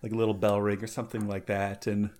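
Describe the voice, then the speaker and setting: A man co-hosting a comedy podcast, halting and easygoing in casual chat. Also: lowish voice, completely flat delivery, a little mellow. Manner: halting, full of fillers and restarts. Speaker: podcast co-host.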